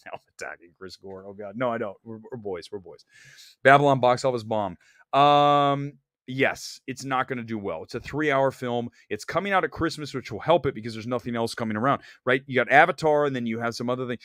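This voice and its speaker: Man, film critic host, blunt, animated, ranting, medium pitch, dry close sound. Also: normal speed, dry recording. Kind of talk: opinionated casual movie talk. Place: Los Angeles studio.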